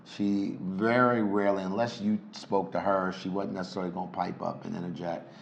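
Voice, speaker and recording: Playful middle-aged man co-hosting, low voice. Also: brisk, vocal fry, dull audio, slight background noise. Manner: playful, teasing, animated. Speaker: relationship coach and podcast co-host. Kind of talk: casual couple's talk show chat.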